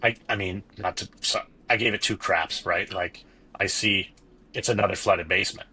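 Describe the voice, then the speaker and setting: Guy on a podcast, deep voice but bright and forceful, candid storyteller. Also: fairly even intonation, normal speed, husky. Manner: candid, storytelling, self-critical. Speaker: podcast guest, business owner. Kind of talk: casual conversational interview.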